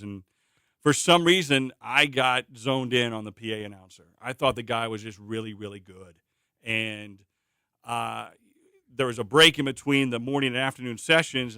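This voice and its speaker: A middle-aged man from Indiana, a stadium announcer, telling anecdotes in a relaxed interview with frequent fillers. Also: mid-range voice, smooth, no room sound, clean studio sound. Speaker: interview guest, public address announcer. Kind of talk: conversational storytelling.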